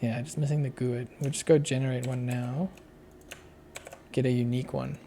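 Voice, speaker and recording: A man's voice: mid-range voice, little pitch movement, moderate pace, creaky, dark tone, slight background noise. A young Australian man on a casual live coding stream, muttering to himself as he works and chuckling now and then. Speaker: streamer, app developer.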